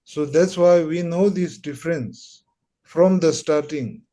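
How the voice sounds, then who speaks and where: A man's voice: on the high side, takes it slowly, dark tone. A man teaching pronunciation in an online lesson, patiently repeating syllables for students. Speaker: Tibetan language teacher.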